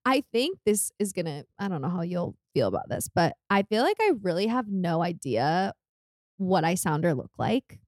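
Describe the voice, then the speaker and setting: A woman's voice: on the low side, very animated, moderate pace, darkish tone, no room sound, clean studio sound. A woman in her twenties from California, a podcast guest telling stories in a chatty way, laughing as she goes. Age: 20s. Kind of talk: casual chat.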